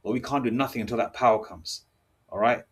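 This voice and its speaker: A man's voice: mid-range voice, quick pace, slightly rough. A man preaching angrily and reading scripture aloud. He talks in a combative way and keeps checking in with "all right?" and "okay?". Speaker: religious teacher.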